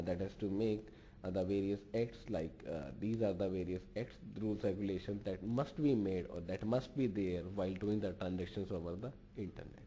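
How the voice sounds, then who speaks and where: Low-voiced man lecturing. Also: warm tone. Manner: formal, restates each point in other words. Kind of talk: online business lecture. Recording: dull lo-fi recording with faint noise.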